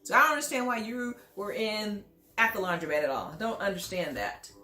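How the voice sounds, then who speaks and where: A woman's voice: mid-range voice, animated, a little fast, pushed and bright. A woman giving casual reality TV commentary, sassy and scolding as she talks straight at the people she judges. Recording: echoey room.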